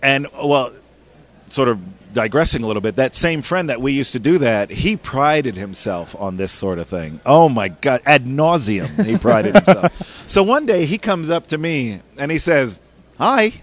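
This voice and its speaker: A man's voice: mid-range voice, normal speed. A man, a comic book artist, telling stories in a casual interview, acting out quotes and laughing often. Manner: animated anecdotes, acts out quotes, laughs often.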